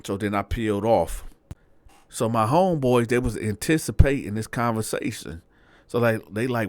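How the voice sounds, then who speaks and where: A man telling a personal story in a relaxed, slangy, conversational way, close to the mic. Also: on the low side, normal speed, dry recording. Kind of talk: casual storytelling.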